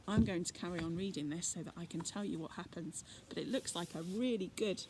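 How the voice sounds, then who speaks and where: A woman's voice: on the low side, fairly quick. Woman reading a story aloud, noisy recording. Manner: expressive reading with chatty asides. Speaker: reader. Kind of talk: reading a children's book aloud.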